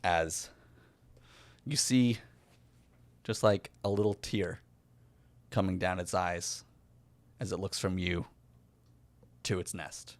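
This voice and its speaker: A man with a very low voice narrates an improvised fantasy adventure as game master. His delivery is relaxed and chatty, and he laughs often. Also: slow pace, vocal fry, pauses often, no room sound.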